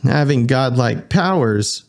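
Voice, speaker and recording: A man's voice: medium pitch, animated, slow, gravelly. A man voicing a brash, scornful young man in an audiobook.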